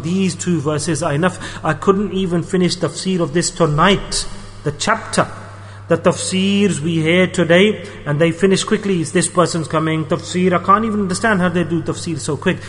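A man's voice: high-pitched, moderate pace, a bit bright. A man delivering an emphatic sermon, repeating phrases for stress. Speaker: preacher. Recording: long hall reverb.

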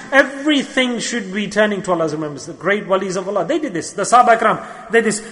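High, bright man preaching in a hall. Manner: earnest, repeats key phrases. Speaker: Sufi teacher. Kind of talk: sermon.

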